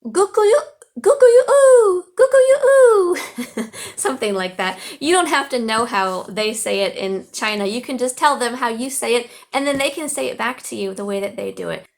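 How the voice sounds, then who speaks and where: A woman's voice: a little high, a little fast, gravelly, few pauses, fairly bright tone. An American woman, an online English teacher, giving upbeat, chatty teaching tips into her phone in a casual vlog. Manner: upbeat, chatty, with playful animal-sound imitations.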